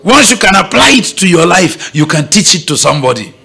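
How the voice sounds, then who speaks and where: Delivering a sermon at a church morning prayer meeting, a Nigerian-accented pastor speaks emphatically and brightly, regularly checking that the congregation follows him. His high voice is sing-song, gravelly, and husky, moving fairly quickly.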